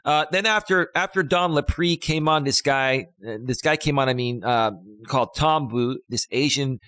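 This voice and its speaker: A man in his fifties hosts a casual live stream as a life coach. He rambles and repeats himself, but stresses his points with emphasis. His mid-pitched voice sounds dry and close to the mic, with no room around it. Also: moderate pace, a bit bright, clear, resonant tone, dry recording. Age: 50s. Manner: rambling, emphatic, with many fillers and restarts.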